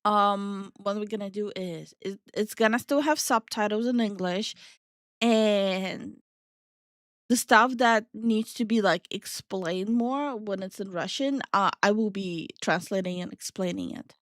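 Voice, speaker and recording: A woman's voice: medium pitch, a little slow, no echo, clean studio sound. A young woman streaming live, chatting casually with her viewers and reading their messages aloud. She is playful, laughs often and swears offhandedly. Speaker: streamer and VTuber host.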